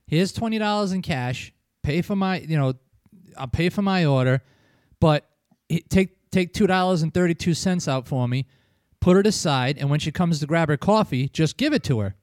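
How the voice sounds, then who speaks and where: A man hosting a loose podcast, his voice sitting a bit high. He rambles through stories with plenty of swearing and quick laughs. The recording is dry and close, with no room sound. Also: a little mellow, no echo. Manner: profane, rambling, chuckles often. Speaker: podcast host. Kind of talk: casual chat, storytelling.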